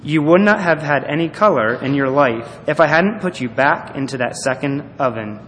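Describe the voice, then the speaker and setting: Brief: man playing a patient old-style potter master, soft and measured, echoey hall. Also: a little high, expressive. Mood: gentle. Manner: quiet, gentle, measured speech. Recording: echoey hall, faint noise.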